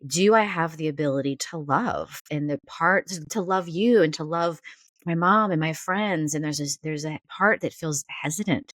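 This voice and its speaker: Woman with a low voice thinking out loud, halting, restarts a lot, teary, dry close mic. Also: no echo. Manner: halting, searching, many restarts. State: near tears. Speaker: podcast host and counselor. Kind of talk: reflective therapy conversation.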